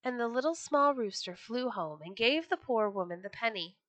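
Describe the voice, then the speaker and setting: A woman reading folk tales aloud for a storytelling podcast, expressive and lively. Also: a little high, normal speed, no echo.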